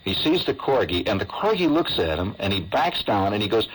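A man's voice: lowish voice, big pitch swings, fairly quick, slightly rough, rough recording. A man, hosting a radio show and telling a long comic story in a chatty, rambling way with amused asides.

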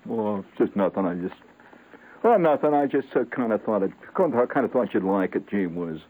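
Man playing a shy young guy mumbling, low and husky, tinny radio. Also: expressive, fairly quick. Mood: bashful. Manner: mumbling, hesitant, self-effacing. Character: shy bashful young man giving a gift.

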